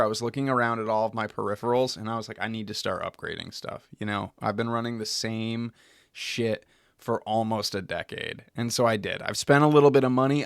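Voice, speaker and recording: A young American man chats loosely to his stream chat from a home setup, close on a desk microphone. His pitch sits in an ordinary middle range. The sound is dry and close, with no room echo. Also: creaky, fairly bright tone. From United States. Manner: loose, chatty, swearing, trails off and restarts. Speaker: streamer hosting a beer tasting stream. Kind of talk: casual chat to a live stream chat.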